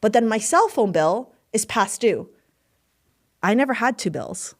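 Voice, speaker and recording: A woman, a manifestation coach, telling a story in a casual podcast chat, animated and swearing freely. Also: on the high side, a little slow.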